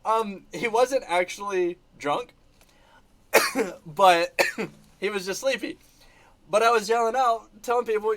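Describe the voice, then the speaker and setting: A man hosting a casual livestream, telling animated stories and laughing between sentences. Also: high voice, takes it slowly, long pauses. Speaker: channel host reacting to live chat. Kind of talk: casual livestream chat showing trip photos.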